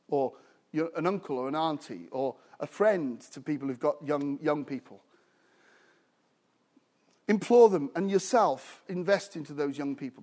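A man's voice: on the high side, darkish tone. A middle-aged British man preaching a sermon as a visiting preacher, with call-and-response and humorous asides. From United Kingdom.

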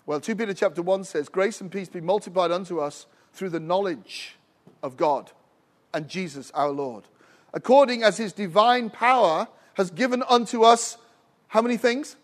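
Male preacher, very high voice, middle-aged, impassioned sermon, calls for amens. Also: normal speed. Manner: impassioned, rising to shouts with frequent "Amen?" calls.

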